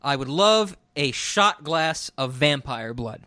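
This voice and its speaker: A man's voice: on the high side, animated, takes it slowly, bright, forceful tone, dry recording, studio quality. A man co-hosting a podcast, chatting casually and animatedly, often swearing and acting out quotes. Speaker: podcast co-host. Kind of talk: casual chat.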